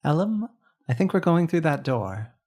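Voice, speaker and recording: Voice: mid-range voice, very animated, moderate pace, warm tone, breathy edge. A player in a tabletop game, curious and full of fillers. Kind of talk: playing a tabletop game in character.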